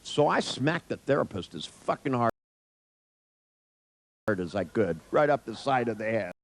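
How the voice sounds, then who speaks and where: Older guy rambling through a story, swears a lot, gravelly voice, pitch all over the place. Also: lively intonation, a little slow, poor audio. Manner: profane, wry, full of restarts and asides. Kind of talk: rambling personal anecdote.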